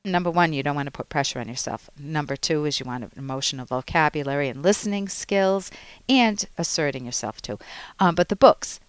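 A lower-pitched woman hosts a call-in advice show as a psychologist, talking listeners through coping skills in a calm, explanatory way. She slips into brief acted-out quotes to show examples. The studio sound is dry and close. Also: brisk, clear, resonant tone, no echo. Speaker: radio show host, clinical psychologist. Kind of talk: advice call-in radio talk.

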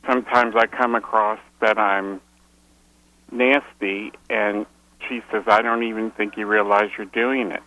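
A man's voice: lowish voice, level tone, measured pace, sharp tone. A man calling in to an advice show, talking hesitantly over a phone line. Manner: hesitant, many fillers, laughs nervously. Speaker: caller. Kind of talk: phone-in conversation.

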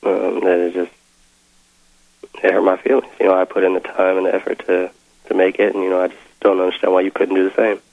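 A man's voice: sits low, completely flat delivery, a little fast, creaky, dry recording. A man calling an advice show, talking hesitantly with many fillers. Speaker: caller. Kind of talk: call-in advice conversation. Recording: tinny phone line with faint hiss.

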